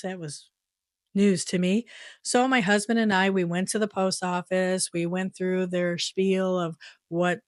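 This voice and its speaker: A woman's voice: medium pitch, no room sound, studio quality. A middle-aged woman vlogger telling a story in a casual way, acting out quoted lines in an exasperated tone. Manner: animated retelling with exasperated quoted dialogue.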